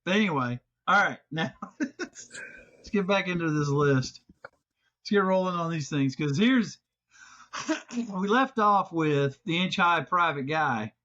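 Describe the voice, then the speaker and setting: A man hosting a podcast, telling a story in casual, profane chat with loud exasperated outbursts. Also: fairly high pitch, animated, slow pace, pauses often. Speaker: podcast host. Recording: slightly dull lo-fi sound.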